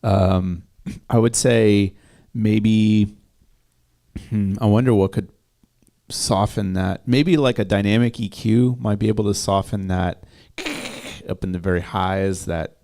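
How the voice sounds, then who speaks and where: A man co-hosting a music-review stream, talking casually about audio mixing and pausing often to find the right term. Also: on the low side, steady tone, dark tone. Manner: hesitant, lots of fillers while searching for terms. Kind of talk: casual live-stream chat.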